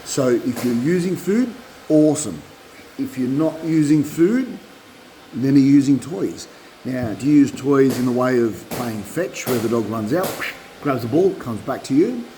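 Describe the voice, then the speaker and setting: A middle-aged man giving dog-training advice in a casual, animated way, repeating points and acting out dog voices, recorded on a propped-up phone. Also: mid-range voice, measured pace, a little hiss or hum, poor audio. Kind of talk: casual instructional talk.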